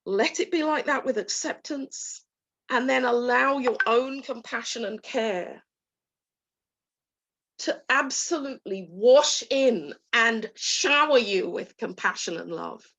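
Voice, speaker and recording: A woman coach talking gently and soothingly to an online group, voicing soft inner dialogue. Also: on the high side, takes it slowly. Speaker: guest coach. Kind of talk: talk to a live online group.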